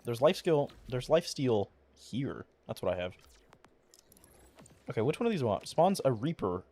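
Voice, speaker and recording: In a mellow, medium-pitched, sing-song voice at a moderate pace, a man streams a game and chats casually. He mumbles and rambles, dropping plenty of swear words and fillers, with occasional cracks in his voice.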